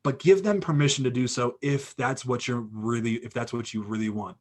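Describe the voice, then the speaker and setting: Young guy, podcast guest, rambling animated storyteller who keeps saying "like" and restarting sentences. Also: mid-range voice, a little fast. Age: young adult. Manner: animated anecdote with lots of "like" and restarts. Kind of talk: casual storytelling.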